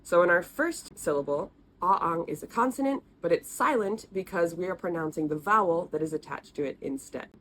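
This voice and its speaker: A woman teaching the letters and sounds of an alphabet in a friendly, patient way, repeating each sound slowly. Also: lowish voice, lively intonation, fairly bright tone, a little hiss or hum. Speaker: language teacher. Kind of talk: explaining, recorded lesson.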